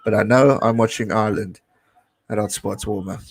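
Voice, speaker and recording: A South African man in his late twenties hosting a casual live watch-along, chatting and cheering excitedly at the game. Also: lowish voice, normal speed, creaky, breathy edge, poor audio. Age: late 20s. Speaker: live-stream host.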